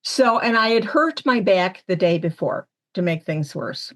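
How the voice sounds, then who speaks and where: Woman storyteller from upstate New York, lively with the quoted voices. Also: fairly low pitch, unhurried. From Syracuse, New York area. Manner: animated storyteller acting out quoted lines. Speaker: medium, panel guest. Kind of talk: storytelling on a panel podcast.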